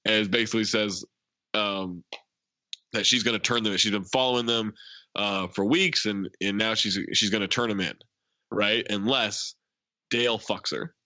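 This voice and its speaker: A man's voice: fairly low pitch, steady tone, moderate pace, sharp tone, no room sound. A man co-hosting a podcast, casually retelling movie scenes, acting out the lines and laughing often. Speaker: podcast co-host. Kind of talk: casual movie recap chat.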